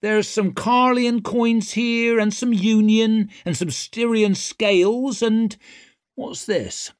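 A man's voice: high-pitched, fairly even intonation, slow pace, smooth, no room sound, clean studio sound, pitched above the performer's own voice. Man doing a cocky young woman warlord.

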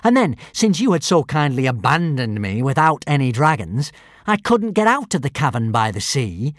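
A man's voice: mid-range voice, big pitch swings, normal speed, dry recording, clean studio sound, lightly acted. A man voicing a treacherous, scheming villain in an audiobook, with a sneering, hissing drawl. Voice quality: sneering, hissing drawl, mangled foreign words. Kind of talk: audiobook character voice.

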